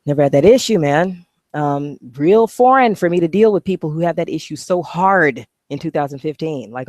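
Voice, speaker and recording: A woman's voice: sits low, expressive, normal speed, darkish tone, no echo, clean studio sound. A woman vlogging to camera, talking bluntly and animatedly, swearing freely. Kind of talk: casual talking-head vlog.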